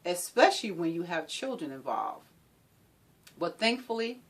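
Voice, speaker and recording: A woman's voice: on the low side, sing-song, moderate pace. A woman speaking as a domestic violence advocate, giving an impassioned talk with an emphatic, repetitive, preaching rhythm.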